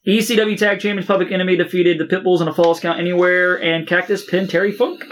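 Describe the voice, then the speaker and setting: A man with a notably high voice, reading results aloud in a casual podcast chat. He goes line by line, stumbling over words and filling pauses as he goes. He swears freely and sounds unpolished. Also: steady tone, fairly bright tone, a little hiss or hum. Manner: reads results in a halting way with many uh fillers and swearing.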